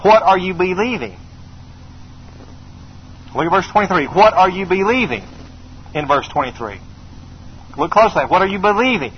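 A middle-aged man preaches with an emphatic, high-pitched voice, repeating key phrases and calling on his listeners to answer back. The recording is slightly muffled, with faint background noise. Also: expressive, moderate pace, pauses often. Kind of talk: sermon.

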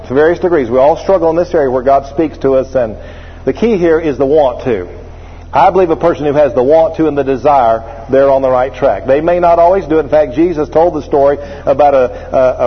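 A man preaching a sermon, working through scripture and telling humorous stories with acted voices in an animated way. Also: on the high side, slightly rough. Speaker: pastor. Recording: muffled, with long reverb of a large hall.

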